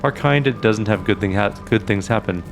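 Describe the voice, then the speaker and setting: A weary, stern old mongrel chief from a fantasy role-playing game, read aloud by a man. His voice sits low and he lectures as he speaks, with faint music in the background. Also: moderate pace, close to an everyday voice.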